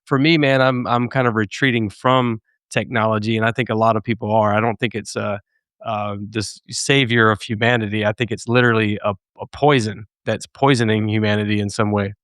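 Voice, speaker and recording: Guy guesting on a podcast over a call, smooth clear voice, dry sound, pushy and emphatic, repeats himself to hammer it in. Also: lowish voice, flat delivery, fairly quick, a bit bright, no room sound. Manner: emphatic, scornful, repeats phrases for stress. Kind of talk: casual conversation on a podcast.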